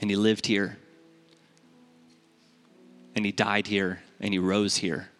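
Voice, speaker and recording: Man, pastor, sermon, bright forceful voice, conversational storytelling, animated quoted dialogue. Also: slow pace, soft background music. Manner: animated storytelling, rising in pitch when acting out dialogue.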